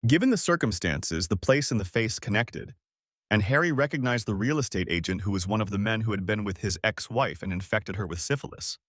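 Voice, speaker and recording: A man narrating an audiobook story in a steady storytelling way. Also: fairly low pitch, fairly quick, dry recording, studio quality.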